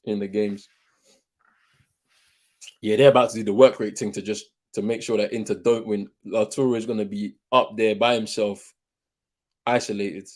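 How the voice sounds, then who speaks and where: A young man talks over a live football match as a watchalong host. He is excitable and full of slang, often repeating his words. He jumps from shouted outbursts to low, grumbling mutters. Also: normal speed, pauses often.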